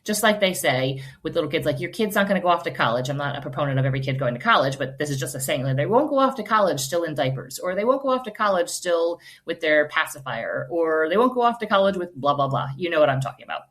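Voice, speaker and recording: Earnest, reassuring homeschool mom host. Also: female voice, low voice, animated, fast talker, few pauses. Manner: earnest, reassuring, conversational with fillers. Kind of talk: casual advice talk.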